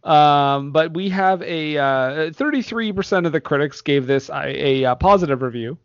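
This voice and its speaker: A man's voice: on the high side, normal speed, no room sound, highs cut off. A man hosting a casual movie podcast, laughing often as he reads reviews aloud. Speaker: podcast host.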